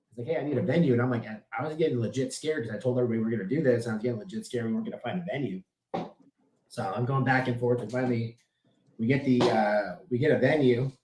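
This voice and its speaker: A man talking casually as a podcast guest, telling brash, profane, boastful stories. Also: mid-range voice. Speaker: podcast guest, business owner. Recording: echoey room with noise.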